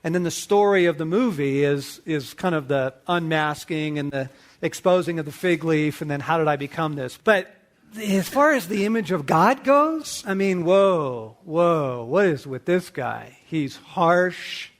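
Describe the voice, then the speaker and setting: A middle-aged man hosting a talk to men, telling a movie story with lively acted-out dialogue. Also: on the high side, a little slow. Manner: animated storyteller acting out dialogue. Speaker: host. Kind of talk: casual teaching talk to men.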